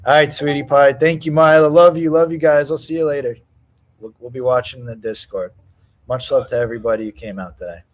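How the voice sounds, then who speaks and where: A young man hosting a casual live stream, trading slangy trash talk and cheering loudly at fight moments. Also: medium pitch, steady tone, a little fast. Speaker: stream host.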